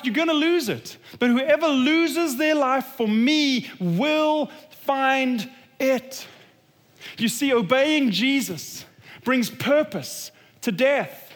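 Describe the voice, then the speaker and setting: A man preaching a sermon as pastor, earnest and emphatic, sinking to a low voice for weight. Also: fairly bright tone. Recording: long hall reverb.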